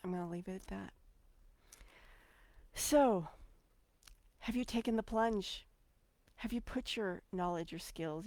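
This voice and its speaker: Animated woman host, dry close sound. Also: lowish voice, creaky, no room sound. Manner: animated, playful, jumps between loud and quiet. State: getting emotional. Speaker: podcast host. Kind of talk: motivational solo talk.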